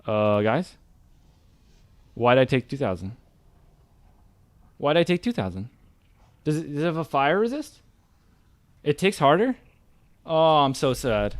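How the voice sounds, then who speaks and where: Smooth-voiced man ranting over gameplay. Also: on the high side, unhurried, pauses often. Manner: excitable, ranting frustration. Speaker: gaming streamer. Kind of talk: live gameplay commentary.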